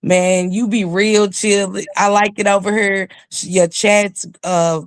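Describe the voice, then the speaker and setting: A woman's voice: mid-range voice, flat delivery, takes it slowly, smooth, no room sound, studio quality. A woman talking as a YouTube commentator in a casual livestream chat, with emphatic, preachy storytelling.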